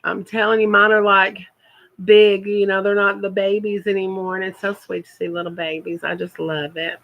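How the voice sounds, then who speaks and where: A woman's voice: mid-range voice, level tone, moderate pace, a bit bright, poor audio. A woman, chatting casually on her first live stream and repeating words for emphasis.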